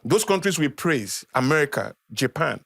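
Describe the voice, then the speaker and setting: A middle-aged man with a Nigerian accent holds forth as a podcast guest, driving his points home by repeating them. His voice sits a little high for a man. The sound is dry and close, with no room echo. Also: big pitch swings, normal speed, gravelly, a bit bright. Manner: emphatic, repeats phrases for effect, lecturing. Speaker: guest speaker. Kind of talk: passionate podcast talk.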